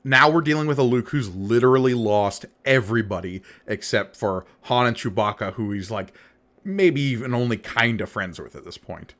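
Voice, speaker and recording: A man co-hosting a podcast, walking through a comic book page by page. He talks in an easygoing, conversational way at a middle pitch. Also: moderate pace. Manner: relaxed, recaps the story page by page. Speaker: podcast co-host. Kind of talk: casual comic book discussion.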